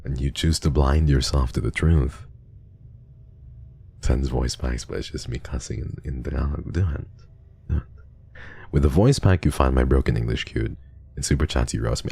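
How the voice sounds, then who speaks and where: A male streamer who is unwell, chatting casually on a livestream while reading donations, soft and drowsy in tone, often trailing off. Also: extremely low pitch, animated, normal speed, creaky, slightly rough, dry recording.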